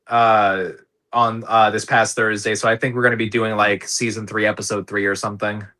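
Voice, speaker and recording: Male podcast host, bright, easygoing, lots of fillers. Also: on the low side, little pitch movement, normal speed. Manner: easygoing, hesitant with many fillers. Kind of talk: casual chat.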